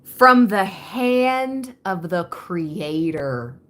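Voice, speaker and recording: A woman giving a spiritual card reading. She reads the messages slowly and with emphasis, then slips into casual asides. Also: fairly low pitch, animated, fairly bright tone. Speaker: tarot reader.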